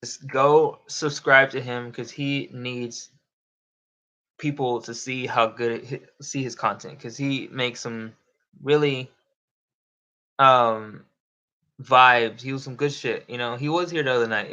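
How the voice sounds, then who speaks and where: A man's voice: mid-range voice, fairly even intonation, slow pace, bright, forceful tone, highs cut off. A young man chatting casually on a live stream, rambling and swearing, often laughing. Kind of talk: casual livestream chat.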